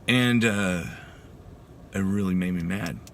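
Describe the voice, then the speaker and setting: Low-voiced guy telling his story, casual and emphatic, says dude a lot, bit of noise behind. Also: takes it slowly. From Texas. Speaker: veteran giving a testimony. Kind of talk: personal storytelling.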